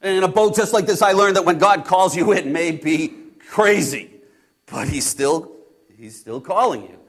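A man playing Peter, a hot-tempered fisherman, telling his story in the first person with halting, repeated words, hushed one moment and loud and exasperated the next. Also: sits high, slightly rough. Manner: swings between hushed awe and loud exasperation. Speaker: actor in a first-person biblical monologue.

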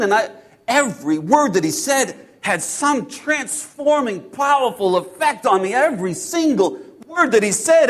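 Peter, played by a man, high-voiced fisherman. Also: heavily acted. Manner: swings between hushed awe and loud exasperation; halting, many repeated words. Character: Peter, a hot-tempered adult male fisherman. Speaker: actor in a first-person biblical monologue. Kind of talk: dramatic first-person storytelling.

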